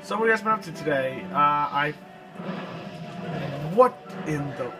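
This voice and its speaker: Young male let's-play host, fed up and cursing at the game, voice sitting a bit high, with game music playing underneath. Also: animated, measured pace, low-quality recording. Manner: frustrated, swearing often. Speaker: gameplay commentator.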